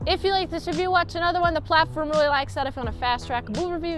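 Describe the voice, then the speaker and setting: High-voiced chatty woman reviewer. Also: steady tone, very fast, few pauses, music in the background. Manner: chatty and giggly, with many fillers. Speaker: TV episode reviewer. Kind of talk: casual review vlog.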